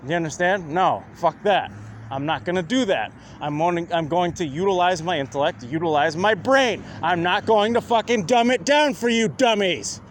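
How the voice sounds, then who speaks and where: A man's voice: sits high, normal speed, slight background noise. A man ranting to his viewers in a combative, profane monologue, repeatedly asking whether they understand. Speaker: vlogger.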